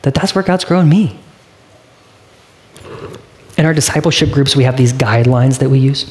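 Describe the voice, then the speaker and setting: A man preaching a sermon as pastor, talking in an earnest, conversational way and asking the congregation direct questions, slowing down to read scripture. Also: mid-range voice.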